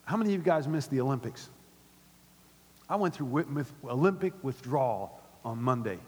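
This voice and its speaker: A middle-aged pastor preaching a sermon in a church, animated and repetitive, dropping to soft asides between louder points. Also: male voice, mid-range voice, normal speed, husky. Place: church auditorium. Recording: long reverb of a large hall.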